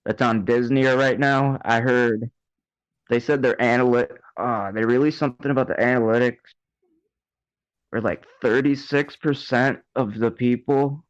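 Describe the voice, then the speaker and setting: A man chats in an offhand, rambling way at a middling pitch. His remote mic sounds dull and lo-fi, with the top end rolled off. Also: steady tone, unhurried, clean tone. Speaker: podcast regular. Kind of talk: casual chat.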